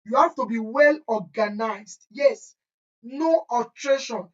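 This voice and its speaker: A woman's voice: a little high, unhurried, lo-fi sound. A woman chemistry teacher, giving an exam-prep lesson in an emphatic, scolding way that repeats key points. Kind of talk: exam-prep lesson, screen-share walkthrough.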